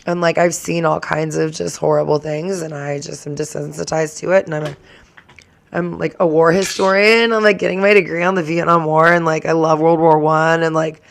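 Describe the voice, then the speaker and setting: A woman's voice: deep voice, little pitch movement, normal speed, gravelly, slight background noise. A woman hosting her own reaction channel, chatting casually to the camera in a rambling way that keeps drifting into tangents.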